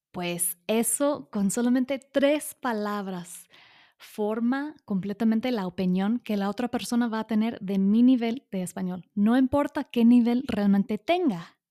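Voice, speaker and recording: A woman teaching English to learners in a video lesson. She speaks clearly in a patient, explanatory way and repeats her points so learners can follow. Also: medium pitch, dark tone.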